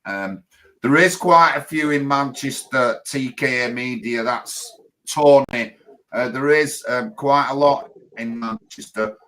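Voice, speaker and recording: A man's voice: medium pitch, slow, fairly bright tone, rough recording. A man, hosting a casual panel chat and jumping in eagerly with ideas. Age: 50s. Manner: enthusiastic, repetitive, interrupts. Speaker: party leader and host.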